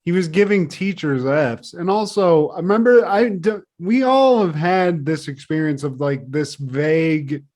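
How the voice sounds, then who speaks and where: Animated, crude-talking male podcast co-host. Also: on the high side, a little slow, few pauses. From Southern California. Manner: crude, animated, acts out quoted voices. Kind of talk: casual comedic chat.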